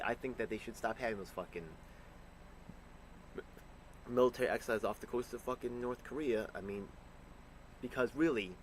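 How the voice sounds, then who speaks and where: A man angrily reacting to a news clip, ranting and swearing with sudden loud bursts. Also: mid-range voice, a little hiss or hum, low-quality recording. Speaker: commentator reacting to news clips. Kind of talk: profane reaction commentary.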